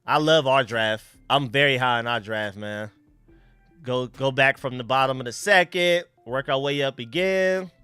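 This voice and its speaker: A young man hosting a casual live stream, chatting excitedly and thanking donors. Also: mid-range voice, normal speed, smooth, dry recording, faint music behind.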